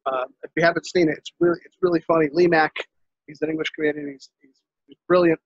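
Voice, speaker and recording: A middle-aged man hosting a casual home show, speaking haltingly with many fillers and restarts as he signs off. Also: fairly high pitch, steady tone, gravelly, dry recording, lo-fi sound. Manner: halting, lots of fillers and restarts, friendly sign-off. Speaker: show host.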